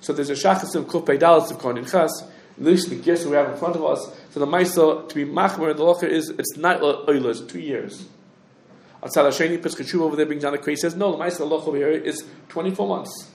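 A man teaching a halachic lecture, talking quickly with restarts and lots of Hebrew and Yiddish terms. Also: fairly high pitch, roomy sound. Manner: rapid, halting, many restarts, heavy Hebrew terms. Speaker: Torah teacher.

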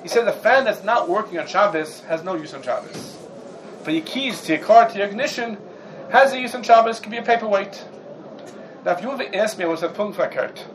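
Man, raised pitch, animated Talmud class lecturer. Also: a little fast, a little hiss or hum, poor audio. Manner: animated, rhetorical questions, mixes Hebrew and Yiddish terms. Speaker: Torah class teacher.

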